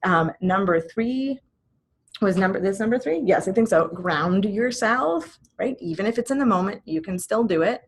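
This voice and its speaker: A woman in her thirties giving a casual spoken talk, gentle and reflective, with soft laughs slipping into her sentences. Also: mid-range voice, lively intonation, fairly quick, breathy edge. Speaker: host.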